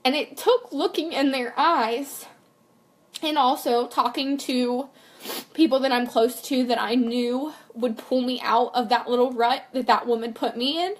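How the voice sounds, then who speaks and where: A woman's voice: high-pitched, fairly even intonation, a little slow. A young woman and mother talking candidly in a personal vlog, earnest and rambling, full of fillers and "like". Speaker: vlogger and mother.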